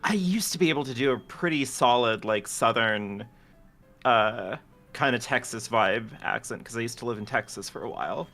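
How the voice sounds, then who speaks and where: A guest co-commentator banters on a game stream in a wry, theatrical way. His voice is bright and forceful, with faint music behind it. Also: mid-range voice, normal speed. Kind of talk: casual stream chat.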